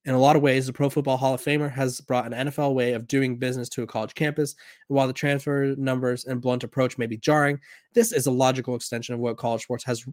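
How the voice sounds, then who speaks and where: A man's voice: medium pitch, dry recording. Casual sports talk man, dry close sound. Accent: slight Southern. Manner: casual, rambling with restarts and fillers. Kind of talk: reading an article aloud and commenting.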